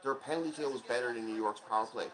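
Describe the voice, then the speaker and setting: A man of ordinary pitch runs a relaxed live commentary over a hockey game, speaking like a fan who is pulling hard for his team. He bursts into quick, excited play-by-play when the action heats up, then drifts back into chatty asides and small self-corrections. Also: poor audio. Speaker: channel host, fan commentator. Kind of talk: casual live game watch-along commentary.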